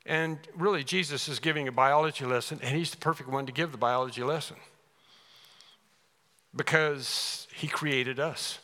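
Emphatic pastor preaching in a reverberant hall. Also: male voice, a little high, steady tone, moderate pace, bright, forceful tone. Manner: emphatic, repeats key words. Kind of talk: sermon. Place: church sanctuary.

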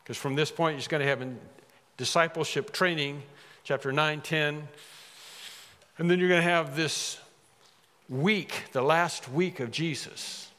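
Animated preacher in a reverberant hall. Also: male voice, fairly high pitch, a little slow, long pauses. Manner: animated, acts out quoted lines with rising emphasis. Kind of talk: sermon.

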